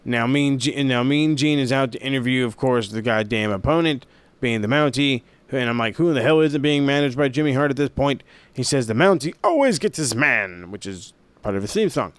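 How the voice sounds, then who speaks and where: A man's voice: mid-range voice, fairly quick, clean tone, no room sound. A man casually recapping an old wrestling show in a profane, sarcastic way, with plenty of swearing and asides. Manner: profane, sarcastic, animated storytelling. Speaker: wrestling review host.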